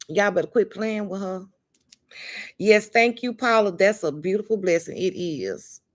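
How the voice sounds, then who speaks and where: A woman's voice: medium pitch, animated, a little slow. A woman hosting a casual livestream, talking emphatically and calling her viewers honey and baby. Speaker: livestream host.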